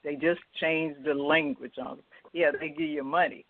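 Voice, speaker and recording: A woman's voice: sits low, steady tone, moderate pace. A woman calling in to a talk radio show, speaking plainly and emphatically. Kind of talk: casual call-in commentary. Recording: tinny dry phone line.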